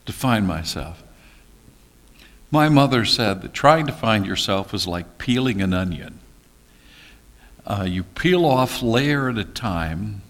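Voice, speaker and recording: A man teaching a Bible study class, reading scripture deliberately and making folksy, teasing asides to his listeners. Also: on the low side, animated.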